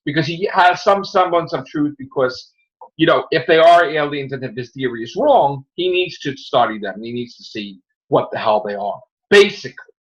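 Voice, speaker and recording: A man hosting a casual review podcast, rambling through an animated retelling of a plot. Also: on the high side, moderate pace, muffled recording. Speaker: podcast host.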